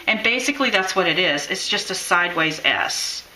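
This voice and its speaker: A bright-voiced woman teaches a live craft lesson, talking casually and encouragingly as she demonstrates. The room is echoey, with faint ambience behind her. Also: fairly low pitch, animated, normal speed, a little hiss or hum. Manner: chatty, encouraging, thinks aloud while drawing.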